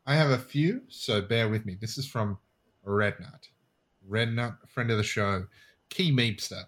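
A man's voice: on the low side, a little slow, fairly bright tone. A man with an Australian accent co-hosting a casual gaming podcast, reading out listener lists and laughing easily. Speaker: podcast co-host. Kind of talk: casual chat.

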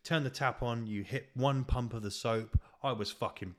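A man's voice: medium pitch, moderate pace, noisy background. A man with a British accent, hosting a podcast and delivering a sweary, exasperated, self-mocking comedic rant. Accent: British English. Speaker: podcast host. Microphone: podcast microphone.

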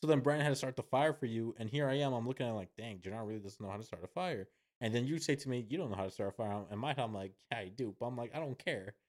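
A man's voice: mid-range voice, very fast. A man co-hosting a podcast, telling a story in casual, teasing chat with swearing and laughs. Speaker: podcast co-host.

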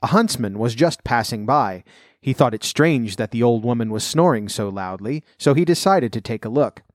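A man calmly narrating a fairy tale in a measured storybook reading. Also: mid-range voice, no room sound, clean studio sound.

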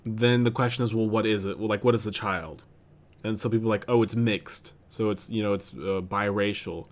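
Low-pitched guy on a podcast, lots of likes and ums, kinda hesitant, just talking it out. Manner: hesitant, filler-heavy, thinking aloud. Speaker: podcast co-host. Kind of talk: casual chat.

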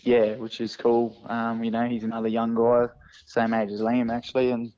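A man's voice: medium pitch, monotone, normal speed, warm tone, lo-fi sound. An Australian man, a desert racer, talking as a guest in a casual interview in a laid-back, modest way.

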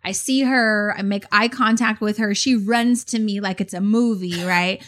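A woman's voice: medium pitch, normal speed. A woman in her forties telling a story in casual chat, acting out what people said. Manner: animated storyteller, acts out quotes.

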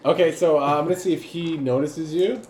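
A man's voice: a little high, fairly quick, a little mellow. A man narrating as the game master of a tabletop game, loose and rambling, laughing often. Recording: roomy echo, faint background noise.

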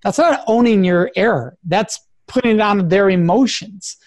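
A man's voice: high-pitched, moderate pace. A man, a guest expert in an interview, talking in an earnest, emphatic way as he gives advice. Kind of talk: interview conversation.

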